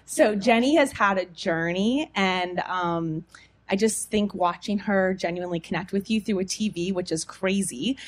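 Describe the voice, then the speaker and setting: A woman from the audience thanking the guest, earnest and grateful, pausing often. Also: mid-range voice. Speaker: audience member. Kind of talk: heartfelt thanks at a live Q&A.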